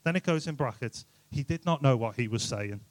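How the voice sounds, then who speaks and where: A man's voice: medium pitch, lively intonation, brisk, no echo. A man giving an informal, jokey youth sermon, full of rhetorical questions. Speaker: youth speaker.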